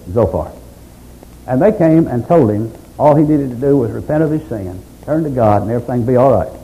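A man's voice: medium pitch, lo-fi sound. A man preaching a sermon, emphatic, stacking up repeated phrases.

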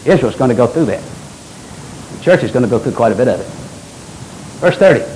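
An older man preaching a sermon as pastor, with animated delivery and folksy asides. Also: medium pitch, brisk, long pauses, slight background noise, rough recording.

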